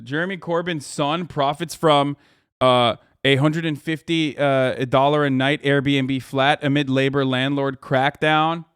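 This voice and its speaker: A man's voice: medium pitch, fairly even intonation, unhurried, fairly bright tone, clear, resonant tone, dry recording, clean studio sound. Heated, profane man ranting on a stream. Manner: heated, profane ranting, reading items aloud. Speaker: streamer host reacting to news. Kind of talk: live-stream reaction commentary.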